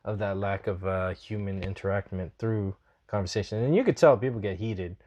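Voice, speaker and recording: A man's voice: fairly low pitch, brisk, a little mellow, highs cut off. A man hosting a casual podcast chat, talking in an earnest, reflective way and laughing often. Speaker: podcast host.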